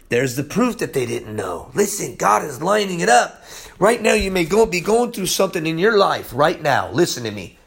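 A man preaching a casual Bible teaching, excitable and emphatic, with slangy talk that swings between loud bursts and hushed lines. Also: fairly high pitch, a little fast, creaky.

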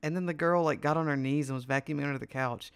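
A young man in loose podcast banter, telling rambling stories full of "like." His voice sits a little high for a man. He laughs often and chatters on easily. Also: quick pace, clean tone. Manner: rambling storytelling, lots of "like", bursts of laughter. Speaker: podcast co-host. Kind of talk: casual crude chat.

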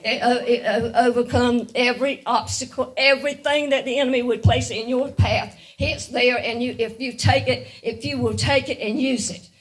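A woman's voice: a little high, steady tone, normal speed, hardly any pauses, recorded from a distance, faint music behind, poor audio. A woman giving a guest sermon, earnest and repetitive, often laughing lightly between her points. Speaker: guest speaker.

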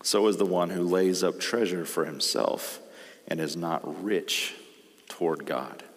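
A man preaching a sermon in a deep, low voice, taking his time over each phrase. He reads scripture aloud and leans into his points with rising emphasis. His voice carries a long reverb, as if from a large hall. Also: fairly even intonation, a little slow.

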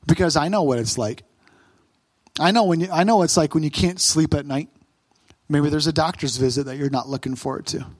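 A man preaching as a pastor, fervent and repetitive, swinging from urgent raised pleading to low hushed prayer. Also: fairly quick, no room sound. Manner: repeats phrases, stumbles and restarts. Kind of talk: sermon and closing prayer.

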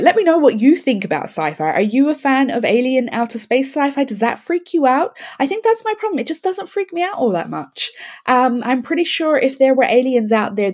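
A woman's voice: on the high side, darkish tone. A woman, hosting a casual podcast interview in a chatty way and laughing often. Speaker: podcast host.

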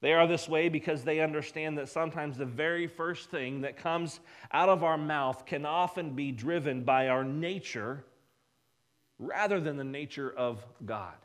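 High-voiced man preaching a sermon. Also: normal speed. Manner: emphatic preaching, dropping low and quiet for weight. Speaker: pastor.

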